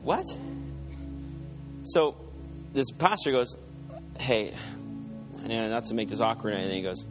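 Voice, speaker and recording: A man giving a lively testimony from the front of a church service, telling a story with rising excitement. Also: fast talker, music in the background. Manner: animated storytelling, growing louder and higher as excitement builds. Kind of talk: live testimony sermon.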